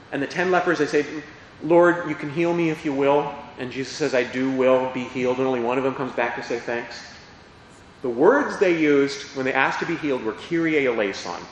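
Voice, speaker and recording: A man's voice: medium pitch, heavy reverb, long reverb tail, a little hiss or hum, low-quality recording. A man who is a priest, explaining parts of the Mass in a chatty teaching talk and often asking his listeners questions. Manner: chatty, asks the audience questions.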